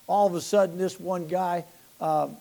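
An older man, a pastor, telling church-planting stories in a folksy, animated sermon with laughs and asides. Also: high voice, moderate pace, vocal fry. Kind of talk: sermon storytelling.

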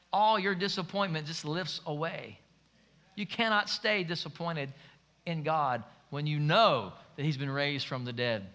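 High, bright-voiced preaching man. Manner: emphatic preaching, voice rising and falling for stress. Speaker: pastor. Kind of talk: sermon.

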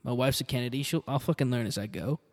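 A man doing an impression of a blunt Austrian bodybuilder turned actor, with a put-on Austrian accent and slow, heavy, clipped phrases. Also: medium pitch, big-room sound, close to an everyday voice. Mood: deadpan.

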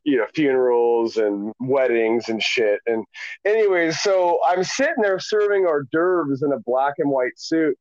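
A man's voice: mid-range voice, animated, measured pace, a little mellow, dry recording, muffled recording. A man telling stories in a casual podcast chat, swearing often and laughing through his words. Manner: profane, laughing storyteller. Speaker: podcast guest.

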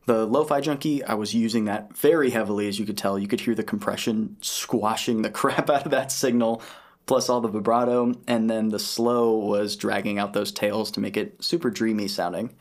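A man's voice: lowish voice, fairly even intonation, normal speed. A man hosting a casual chat, joking and rambling in a self-deprecating way. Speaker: host.

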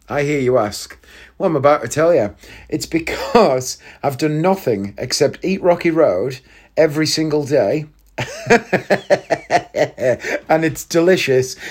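A man hosting a casual solo podcast, chatty and self-mocking, laughing at his own jokes. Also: fairly high pitch. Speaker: podcast host.

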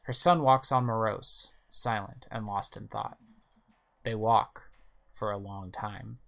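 A man's voice: fairly low pitch, fairly even intonation, slow, vocal fry, bright, forceful tone. A man reading a story game's text aloud, with casual asides on the pictures. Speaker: game player narrating.

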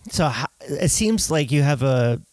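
A man interviewing a musician, asking long, rambling questions in a relaxed, joking way. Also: a little high, a little slow, no room sound. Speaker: interviewer and photographer. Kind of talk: casual interview.

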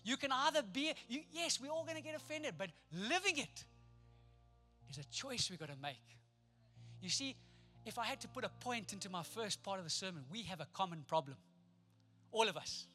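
A man delivers a lively sermon in a high register. His tone is bright and ringing, and he slips playfully into the people he describes. Faint music plays behind him. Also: moderate pace. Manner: animated, playful, acts out the people in the story. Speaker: pastor.

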